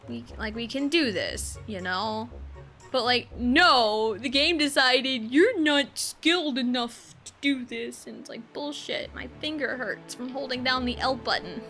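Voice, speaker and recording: A woman's voice: high-pitched, a little slow, faint music behind. A woman streaming a video game, chatting casually and expressively with lots of "um" and "like," sometimes talking to her young child beside her. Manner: chatty and expressive, many fillers like "um" and "like"; talks aside to her young child while playing. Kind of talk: casual gameplay commentary.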